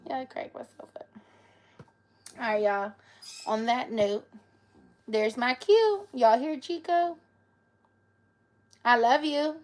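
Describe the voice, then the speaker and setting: A woman's voice: fairly high pitch, takes it slowly, pauses often, a little mellow. A woman chatting on a live stream, playful and cooing at her pets in baby talk. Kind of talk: casual live-stream chat.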